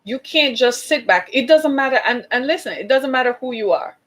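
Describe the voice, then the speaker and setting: A woman's voice: high-pitched, animated, brisk, fairly bright tone, low-quality recording. A woman giving an impassioned talk to an audience, urgent and exhorting, repeating her points for emphasis. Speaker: speaker addressing an audience.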